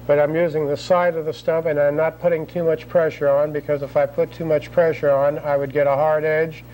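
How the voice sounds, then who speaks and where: A man calmly narrating each step of a drawing demonstration as an instructor, repeating short phrases as he works. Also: fairly high pitch, a little hiss or hum, rough recording. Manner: calm, repetitive narration of each stroke.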